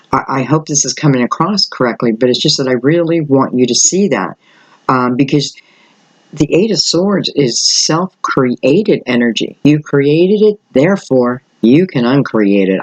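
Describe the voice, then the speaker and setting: Older guy doing a tarot reading, kinda hoarse, rambles and thinks out loud, medium pitch. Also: no room sound, poor audio. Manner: thinks aloud, rambling, with frequent fillers. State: slightly hoarse. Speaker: tarot reader.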